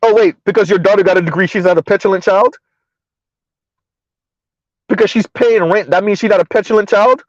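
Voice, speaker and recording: A high-pitched man hosts a casual commentary show. He talks bluntly and sarcastically and keeps rambling through restarts. The recording is dry and a little dull and lo-fi. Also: steady tone, fairly quick, pauses often, dry recording.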